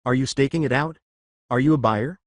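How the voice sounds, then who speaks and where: A man voicing a smug villain disguised as a waiter, who makes soft-spoken, mocking threats. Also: mid-range voice, a little fast, dry recording, natural voice. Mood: menacing. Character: smug menacing male villain posing as a waiter.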